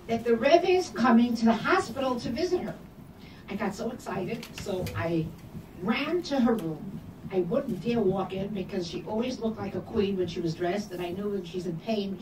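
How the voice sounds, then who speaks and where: An older woman telling personal stories to an audience, acting out the dialogue with lively emphasis. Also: medium pitch. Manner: animated storyteller acting out quoted dialogue. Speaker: guest speaker. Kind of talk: storytelling talk. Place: hall or room at a community event. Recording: echoey room from a distance, background noise.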